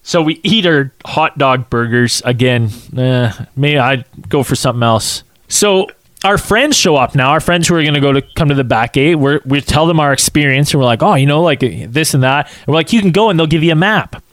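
A man telling a casual anecdote, acting out quotes in an animated way and saying "like" a lot. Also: on the high side, moderate pace, no room sound, studio quality.

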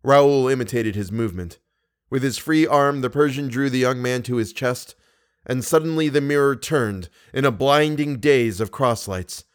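A man narrating a classic novel in a steady, even storytelling manner. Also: medium pitch, normal speed. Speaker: audiobook narrator. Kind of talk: scripted narration.

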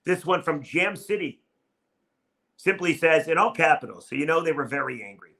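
Male sports podcast host, upbeat and wry, bright tone. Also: a little high, normal speed, vocal fry. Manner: wry, self-mocking, animated. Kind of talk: solo podcast, reading listener comments.

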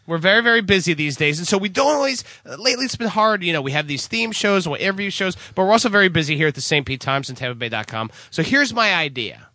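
An excitable man co-hosting a podcast, rambling and stammering as he pitches a new idea in casual banter. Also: fast talker, few pauses, no echo. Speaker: podcast co-host.

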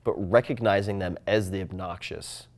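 A man talks in a relaxed podcast chat. His voice sits on the low side, and he thinks out loud as he goes. He gets animated and reflective, often acting out his own inner voices. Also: normal speed. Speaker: podcast guest. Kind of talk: casual conversation.

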